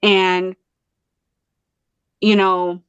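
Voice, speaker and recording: A woman's voice: on the low side, flat delivery, very slow, clear, resonant tone, no echo, dull audio. A woman from Colorado, a guest on an interview show, talking earnestly and passionately with many restarts. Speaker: guest artist and mother. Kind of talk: casual interview talk.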